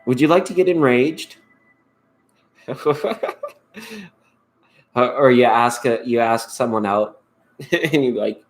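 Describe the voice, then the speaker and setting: A man's voice: mid-range voice, slow, long pauses. A man hosting a live tarot stream, chatting casually and rambling playfully, often laughing.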